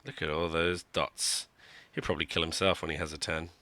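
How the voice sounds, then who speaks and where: A man's voice: extremely low pitch, fairly even intonation, a little fast, pushed and bright, no room sound. A man giving live commentary on a mobile game he is playing, talking to himself in a wry, joking, self-mocking way. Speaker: gaming streamer.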